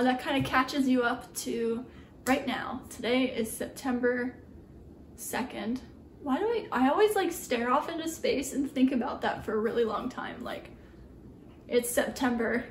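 A woman's voice: high voice, a little hiss or hum. A young woman, a printmaking artist, chatting casually in a vlog, rambling with lots of ums and likes, in a small studio. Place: small home art studio. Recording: echoey room, mic at a distance.

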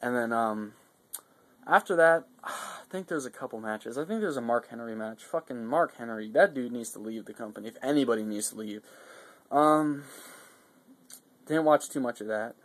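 A man's voice: mid-range voice, normal speed. A man giving a casual, rambling video recap, swearing often and getting worked up between fillers and restarts. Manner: profane, excitable, rambling with fillers. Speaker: vlogger reviewing a wrestling show.

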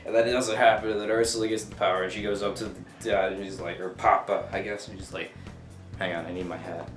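Young guy rambling and joking, voice on the low side, guitar music and echo around him. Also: flat delivery, fast talker. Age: young adult. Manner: rambling, self-interrupting, jokey. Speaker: student video maker. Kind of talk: casual rambling narration. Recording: echoey room with music.

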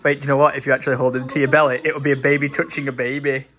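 A man chatting excitedly in a casual vlog, gushing and laughing often. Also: medium pitch, very fast. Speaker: vlogger.

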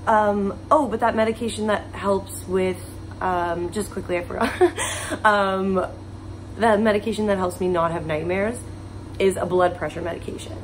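A woman's voice: lowish voice, normal speed, a little hiss or hum, low-quality recording. A woman talking casually to camera in a personal vlog, chatty and rambling with lots of fillers. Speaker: vlogger.

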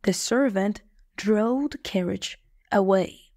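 A woman narrating a story in the first person for English learners, slow, plain and clearly spoken. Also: medium pitch, a little mellow, no room sound, studio quality. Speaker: audiobook narrator.

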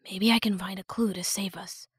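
A woman voicing a calm, protective young male hero in an audiobook, soft and steady. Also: medium pitch, normal speed, breathy edge, no room sound, clean studio sound. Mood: soft, urgent.

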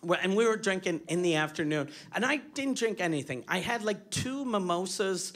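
A man from Quebec, doing a stand-up comedy set on a club stage, telling animated, profane stories full of restarts. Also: high-pitched, normal speed. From Quebec, Canada. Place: comedy club stage before a live audience.

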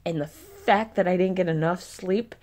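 A woman's voice: fairly low pitch, moderate pace, darkish tone. A young woman vlogging casually, venting in an irritated way and swearing often. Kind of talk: casual vlog chat.

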